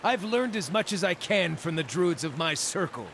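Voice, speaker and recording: A man's voice: sits high, moderate pace, a little hiss or hum. A man voicing a cheerful small male Orlan druid in a video game, talking with jovial relish, over game music. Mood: eager. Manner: jovial and relishing, lively sing-song delivery. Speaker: game character.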